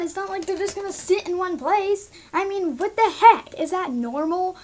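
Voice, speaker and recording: A woman's voice: very high voice, normal speed, few pauses, darkish tone, a little hiss or hum. A young woman vlogging casually, exasperated and scolding, with lots of "like" and "um". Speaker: pet vlogger. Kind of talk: casual ranting monologue.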